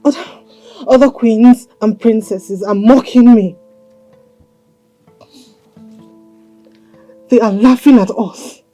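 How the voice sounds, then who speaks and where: A Nigerian-accented woman playing a seductive, possessive female marine spirit princess in a film, coaxing and commanding in a slow, insistent way. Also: a little high, dark tone, faint music behind, low-quality recording. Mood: apologetic. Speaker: spirit wife. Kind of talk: Nollywood film acting.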